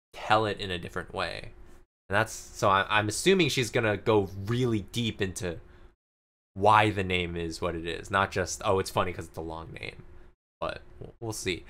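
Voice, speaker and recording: A man's voice: low voice, sharp tone. A man co-hosting a podcast, reviewing comic chapters in casual, rambling chat full of "like" fillers. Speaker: podcast co-host.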